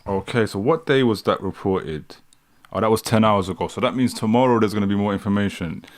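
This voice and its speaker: Laughing, mocking British livestream host. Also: male voice, on the low side, brisk. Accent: British, London street style. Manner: mocking, laughs often, talks to chat. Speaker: livestream host reacting to news. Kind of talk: live reaction commentary.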